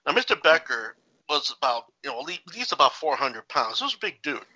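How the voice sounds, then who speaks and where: A man's voice: mid-range voice, big pitch swings, brisk, pushed and bright. An older man co-hosting a podcast, telling a rambling story in casual chat with lots of "okay"s and "uh"s. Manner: rambling, with filler okays and uhs. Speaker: podcast co-host. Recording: dull lo-fi recording.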